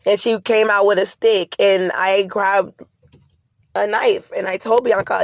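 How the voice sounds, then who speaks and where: A pregnant vlogger speaks unhurriedly to camera in a gravelly, mid-range voice with a level tone, recounting a frightening ordeal. She rambles urgently and sounds fearful. There is no room sound.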